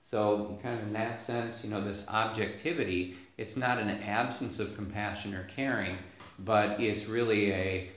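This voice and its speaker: Male meditation teacher, low voice, patient explanatory dharma talk, echoey room. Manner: unhurried, explanatory, with many "you know"s.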